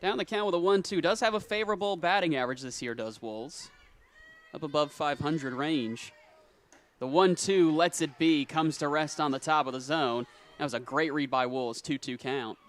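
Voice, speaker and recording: A young man serves as play-by-play announcer for a high school softball game, doing sports commentary that's quick on routine calls and rises on big plays.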